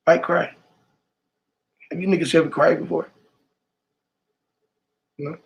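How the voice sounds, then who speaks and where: High-voiced man ranting emotionally. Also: fairly even intonation, takes it slowly, vocal fry, highs cut off. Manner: swings between loud outbursts and low mutters, swears a lot. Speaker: vlogger. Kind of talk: rambling emotional monologue.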